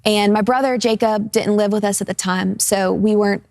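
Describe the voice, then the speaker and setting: A woman's voice: mid-range voice, steady tone, a little fast, gravelly, a little mellow, no room sound. A woman in her twenties, a talk show guest, sharing her personal testimony in an earnest, open way. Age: 20s. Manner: earnest, open, laughs easily in light moments. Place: television studio.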